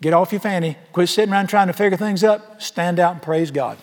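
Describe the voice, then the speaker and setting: A male pastor with a fairly high voice for a man preaches at a brisk clip, folksy and emphatic, throwing rhetorical questions at the congregation. A long reverb from the large church auditorium trails his speech.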